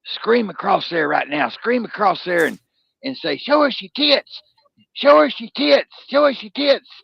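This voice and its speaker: A man's voice: a little high, huge pitch swings, normal speed, no room sound, highs cut off, pitched above the performer's own voice. A man voicing a mischievous older brother who eggs his sibling on insistently. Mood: pushy. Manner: egging on, insistent.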